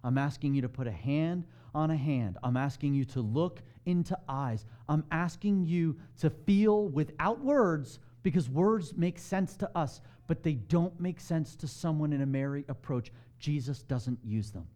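A man preaching a sermon, animated and emphatic, asking the congregation direct questions and dropping to a hush on key lines. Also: a little high, measured pace, few pauses. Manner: swings between loud emphasis and hushed softness. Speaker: pastor.

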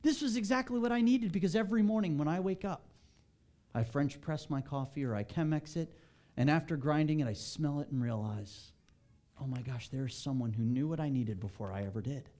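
A male pastor in his thirties speaks to a church congregation. His voice sits a little high and turns animated as he acts out the people in his story. The tone is relaxed and conversational. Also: fairly quick. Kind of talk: sermon. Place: church sanctuary.

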